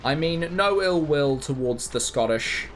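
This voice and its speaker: A man's voice: fairly high pitch, lively intonation, a little slow, soft background music. A man with a New Zealand accent, chatting casually while livestreaming a game, rambling and joking with crude banter. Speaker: game streamer.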